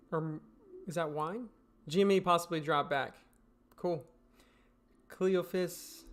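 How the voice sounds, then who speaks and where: A man hosting a live day-trading stream, reading viewer questions aloud and answering them bluntly in a relaxed, chatty way. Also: on the high side, smooth. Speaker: day trading show host.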